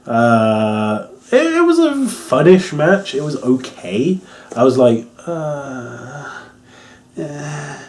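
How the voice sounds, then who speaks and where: A man's voice: fairly high pitch, very animated, extremely slow, darkish tone. A young man giving a casual, rambling wrestling review, amused and swearing, with lots of ums.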